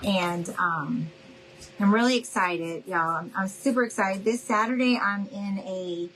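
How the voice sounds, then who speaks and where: This woman hosts a craft livestream out of New Orleans, Louisiana, chatting casually as she works and warmly addressing viewers as "y'all" and "honey." She speaks at a measured pace in a medium pitch with a fairly bright tone. The audio is poor, with a little background noise.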